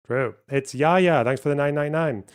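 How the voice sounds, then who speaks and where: A man's voice: fairly high pitch, normal speed, clean tone. A man, a streamer reading donation messages aloud and answering them in casual, profane, sarcastic chat.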